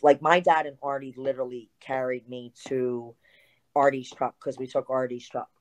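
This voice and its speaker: A woman's voice: very deep voice, normal speed, low-quality recording. A middle-aged woman, a guest telling a story in a casual interview and acting out the lines of the people in it. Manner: animated storyteller acting out quoted dialogue, swears freely.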